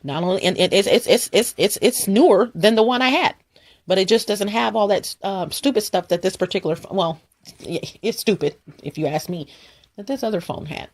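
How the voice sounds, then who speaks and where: Gravelly-voiced woman rambling emphatically. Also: mid-range voice, moderate pace, a little mellow. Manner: emphatic, repeats words in bursts. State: voice going lower and rough. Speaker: vlogger. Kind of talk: casual rambling monologue to viewers.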